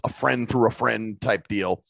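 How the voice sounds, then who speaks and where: A man's voice: on the low side, measured pace, gravelly, a bit bright, dry recording. A man hosting a podcast in casual chat, telling stories in a laid-back, profane way. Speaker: podcast host and rapper.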